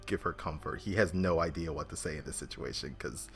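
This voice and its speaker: Gravelly deep-voiced man playing a tabletop game. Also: brisk, over loud music. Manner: laughs often, describes his character's actions. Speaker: player. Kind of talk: casual tabletop play.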